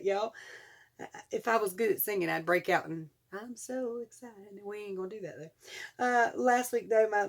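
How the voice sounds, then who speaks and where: A woman in her forties with a Southern US accent, chatting excitedly to her vlog viewers and laughing often. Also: mid-range voice. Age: 40s. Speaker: vlogger. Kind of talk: casual chat to camera.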